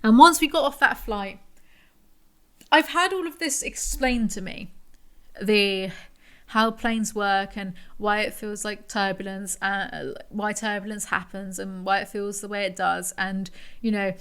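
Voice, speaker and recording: Woman, podcast host, casual storytelling, rambling, self-mocking, crisp bright tone. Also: mid-range voice, unhurried.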